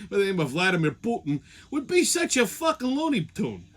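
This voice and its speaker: A man hosts his show with a profane, sarcastic, rambling comedic rant. His voice sits on the higher side and leaps all over the place. The tone is bright and forceful. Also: huge pitch swings, quick pace, hardly any pauses. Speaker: show host.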